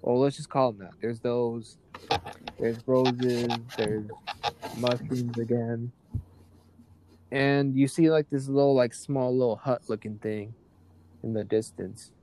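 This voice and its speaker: A man's voice: mid-range voice, steady tone, slow, pauses often, background noise. A man narrating a tabletop role-playing game as game master, loose and rambling with many fillers.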